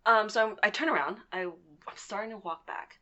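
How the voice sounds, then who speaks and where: A young woman in her twenties tells a personal story in a casual, animated way. Her pitch sits mid-range for a woman, and she swears freely as she talks. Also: brisk. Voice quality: lively, animated retelling with swearing and laughs. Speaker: podcast guest.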